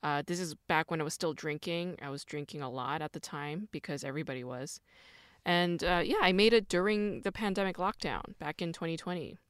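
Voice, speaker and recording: A woman's voice: low voice, brisk, smooth, no echo, studio quality. A woman hosting a podcast, talking alone in a rambling, self-mocking way with lots of fillers. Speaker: podcast host. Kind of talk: casual solo chat.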